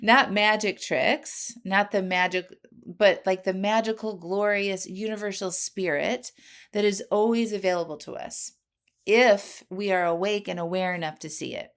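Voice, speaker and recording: A woman in her forties hosting a podcast, telling a personal story in an earnest, animated way with frequent asides to the listener. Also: medium pitch, a little slow. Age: 40s. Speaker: podcast host.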